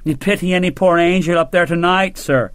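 A man's voice: high voice, a little fast, fairly bright tone, smooth, no room sound, pitched above the performer's own voice. A man voicing a jovial, teasing sergeant in a storybook reading. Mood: joking.

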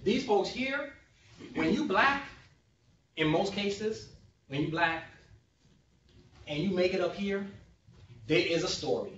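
A man's voice: high-pitched, expressive, slow, pauses often, fairly bright tone. A man giving a conversational lecture as a sociologist, joking and often checking in with his audience. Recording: echoey room, distant and dull.

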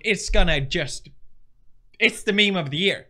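High, bouncy man goofing around. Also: moderate pace, over loud music. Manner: goofy, animated, swings from mumbling to shouting. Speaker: YouTuber host. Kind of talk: comedic meme ratings.

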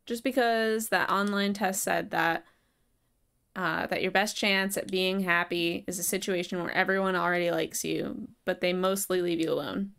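A woman's voice: on the low side, steady tone, moderate pace, vocal fry, fairly bright tone, clear, resonant tone. A woman reading the lines of a sardonic, self-deprecating young woman in a video game, dry and sarcastic.

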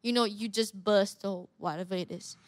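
Appearing as a podcast guest, a young martial arts fighter from Malaysia chats in an earnest, talkative way with frequent restarts. Her mid-range voice keeps fairly even intonation at a moderate pace, and the clean studio sound carries no room noise.

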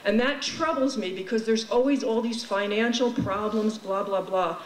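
A woman's voice: mid-range voice, normal speed. A woman giving a frank, somewhat exasperated public comment to a county legislature. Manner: frank, exasperated, casual phrasing. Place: legislature chamber. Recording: echoey chamber, faint crowd and noise.

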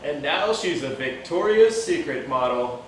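Male reader, higher voice, far off in a noisy, echoey room. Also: lively intonation, measured pace. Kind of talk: reading comments aloud.

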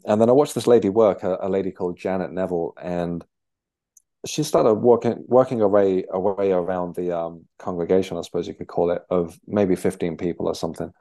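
A young man, a podcast guest, telling his story in a halting conversational way with many restarts. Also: deep voice, dark tone. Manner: halting, with frequent restarts and fillers.

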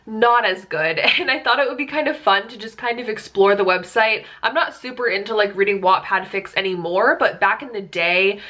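A woman's voice: mid-range voice, normal speed, hardly any pauses, bright, forceful tone. A woman in her twenties chatting casually to camera as a book vlogger, peppering her talk with "like" and amused disbelief. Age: 20s.

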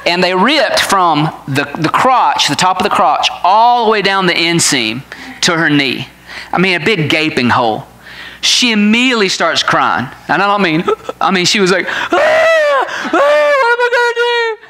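A man in his forties, a pastor, telling a family story in a sermon in an animated way, laughing at his own tale. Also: sits high, moderate pace.

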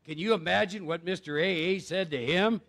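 A man's voice: high-pitched, fairly quick, vocal fry, a bit bright, a faint crowd. A man speaking at a live recovery workshop, chatty and quizzing his audience with rhetorical questions.

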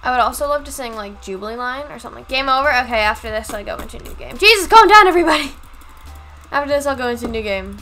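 A woman's voice: fairly high pitch, rapid-fire, few pauses, bright, forceful tone, poor audio. A woman streaming a game live, chatting casually and giggling, with a self-deprecating manner.

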